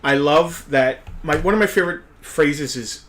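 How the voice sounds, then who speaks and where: Woman co-host, mid-pitched, playful teasing, relaxed live banter. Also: moderate pace. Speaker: co-host of a live toy shop stream. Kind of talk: casual livestream chat.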